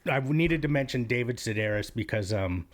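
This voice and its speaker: A man's voice: medium pitch, expressive, moderate pace. A man hosting a casual interview who talks hesitantly, with many restarts and fillers. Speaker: podcast host.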